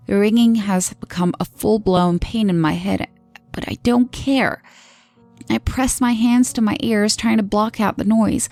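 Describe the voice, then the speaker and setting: A woman reads a horror story in a steady, earnest way with a dark, mellow tone and a gravelly edge to her voice. Faint music plays underneath her narration. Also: medium pitch, no echo.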